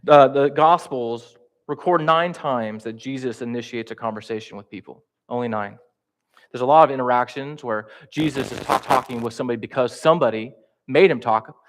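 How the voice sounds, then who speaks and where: A man's voice: mid-range voice, a little fast, a little hiss or hum. A man preaching in a church, talking conversationally and with humor, acting out the quotes he tells. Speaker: pastor teaching a class. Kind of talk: sermon.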